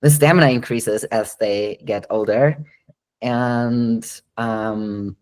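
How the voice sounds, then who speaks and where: Man, dog trainer, live Q&A host, chatty explaining, frequent ums, light laughs, medium pitch. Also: steady tone, slow, darkish tone, poor audio. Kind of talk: live online Q&A, casual explaining.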